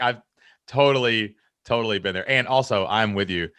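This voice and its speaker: A man hosting a podcast interview, chatting casually and excitably, rambling with lots of fillers. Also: on the low side, moderate pace, clean tone, no echo, clean studio sound. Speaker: podcast host.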